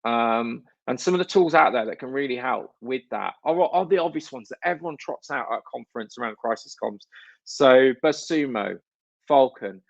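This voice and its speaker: A man's voice: mid-range voice, animated, moderate pace, gravelly, dry recording, dull audio. A man from northern England giving a blunt, jokey, sweary conference talk on stage. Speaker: conference speaker.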